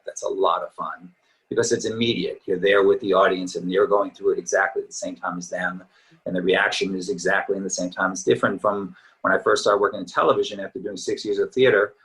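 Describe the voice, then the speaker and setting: A man's voice: sits low, fairly bright tone, low-quality recording. A middle-aged actor chatting as a guest in a casual interview, easygoing and reminiscing, his voice a little tired from talking. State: slightly tired voice.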